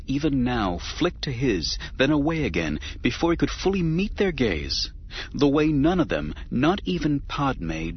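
A man narrating an audiobook in a measured storytelling manner. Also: medium pitch, highs cut off, a little hiss or hum.

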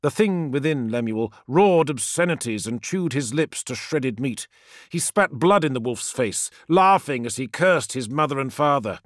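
A man giving dramatic, expressive audiobook narration. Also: mid-range voice, moderate pace, no room sound, clean studio sound. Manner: expressive storytelling.

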